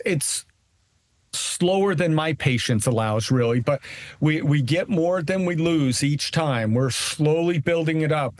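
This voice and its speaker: A man speaking as a conservative legislator guest in a political interview, emphatic and rallying, with quick restarts. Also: a little high.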